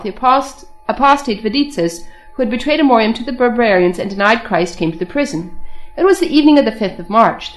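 A woman reading aloud the life of saints as narrator, in a steady, brisk manner. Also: on the high side, poor audio.

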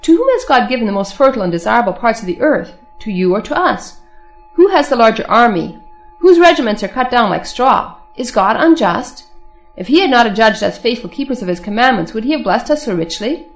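A woman's voice: on the high side, big pitch swings, brisk, faint music behind. A woman reading the lines of a scheming male court philosopher who argues and challenges. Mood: challenging. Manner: argumentative, challenging.

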